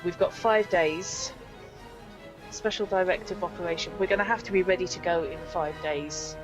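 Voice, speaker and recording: A woman's voice: on the low side, steady tone, normal speed, music in the background, rough recording. A woman chatting casually as a tabletop game player, with lots of fillers and laughter.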